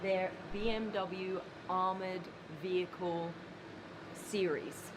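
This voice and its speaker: A woman's voice: on the low side, fairly even intonation, takes it slowly. Australian woman presenting from a noisy show floor. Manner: upbeat, direct to camera. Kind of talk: video presenting.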